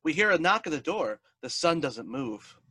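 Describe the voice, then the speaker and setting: A man's voice: fairly high pitch, big pitch swings, moderate pace, bright, forceful tone. A man hosting a sketch table read over a video call, chatting casually with lots of fillers and reading stage directions. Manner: casual, joking, filler-heavy. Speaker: host and sketch narrator.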